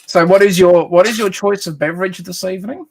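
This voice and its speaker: A laid-back Australian man chats as a guest on a casual live stream, trailing off into ums as he goes. His voice sits a little higher than average, over a faint background hiss. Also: steady tone, fairly quick. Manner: friendly and laid-back, with hesitant ums and restarts.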